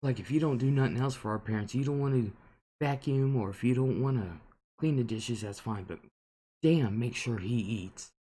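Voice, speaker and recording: A man's voice: mid-range voice, normal speed, mellow, breathy edge. A man hosting a casual live stream, answering viewer comments and rambling on with indignation. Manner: rambling and indignant, with frequent fillers. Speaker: host reading viewer comments.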